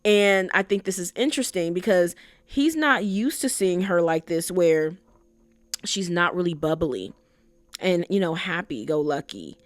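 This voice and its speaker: A woman's voice: lowish voice, animated, a little slow, no room sound. Young woman podcast host, casual and blunt, swears a bit, dry close sound. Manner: chatty, blunt, sprinkles in curses and "like, you know". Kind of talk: casual chat recapping a story.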